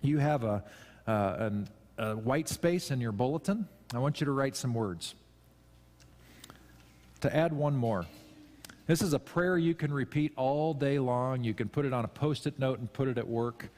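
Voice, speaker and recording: A man's voice: mid-range voice, normal speed, a little mellow. Conversational male pastor in a reverberant hall. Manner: conversational and self-deprecating, with emphatic rises. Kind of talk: sermon. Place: church sanctuary.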